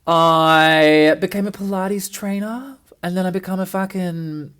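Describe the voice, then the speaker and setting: A woman's voice: lowish voice, a little slow, fairly bright tone, clean tone. A young woman hosting a casual solo podcast, chatty and cheeky, swearing freely with lots of ums, recorded in an apartment. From Australia. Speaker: podcast host. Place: friend's apartment.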